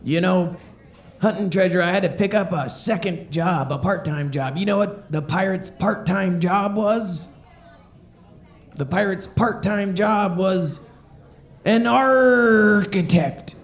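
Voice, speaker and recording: A man playing a pirate comedian who tells family-friendly jokes and repeats each question before a slow punchline. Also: high-pitched. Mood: cheerful. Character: jolly joke-telling male pirate comedian.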